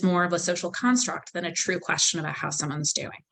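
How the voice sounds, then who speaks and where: A woman leading a volunteer training session, explaining calmly and acting out example phrasings. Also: on the low side, quick pace, vocal fry, few pauses. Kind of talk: training lecture.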